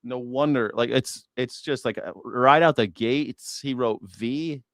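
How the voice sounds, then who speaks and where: A man's voice: medium pitch, measured pace, a bit bright, dry recording, studio quality. A man hosting a news reaction show, chatting casually in a rambling, profane, sarcastic way. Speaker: host.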